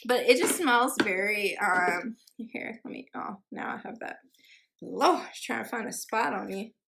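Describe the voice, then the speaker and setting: A woman's voice: fairly high pitch, a little slow, vocal fry, a bit bright. A woman chatting casually through a perfume haul, full of fillers, giggles and teasing herself about pronunciations. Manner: unsure pronunciations, self-teasing. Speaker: beauty vlogger.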